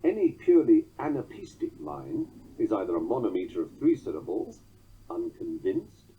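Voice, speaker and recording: Reading an audiobook-style lesson on poetic meter, a man with a fairly low, very animated voice moves briskly, sounding out the metrical beats aloud in a rhythmic way. The dull lo-fi recording carries a little hiss or hum.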